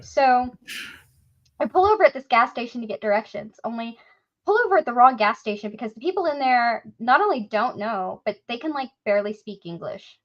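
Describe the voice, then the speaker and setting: Animated woman telling a story. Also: a little high, brisk, muffled recording. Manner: animated, acts out quoted voices. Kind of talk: casual storytelling chat.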